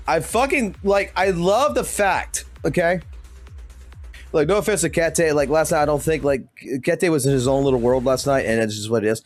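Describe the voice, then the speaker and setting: A man streaming games, talking in an excited, rambling way with constant swearing. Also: fairly high pitch, moderate pace, faint music behind. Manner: profane, animated, rambling. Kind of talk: excited gaming stream talk.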